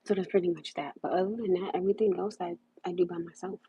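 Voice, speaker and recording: A woman's voice: lowish voice, fairly even intonation, fast talker, mellow, a little hiss or hum. A young woman hosting a casual livestream, rambling and repeating herself as she talks. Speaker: livestream host. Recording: muffled lo-fi livestream audio.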